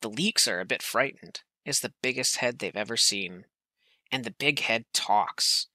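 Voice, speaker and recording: Bright-voiced man reading a storybook. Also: mid-range voice, measured pace, no room sound. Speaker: reader. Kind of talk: reading a children's book aloud.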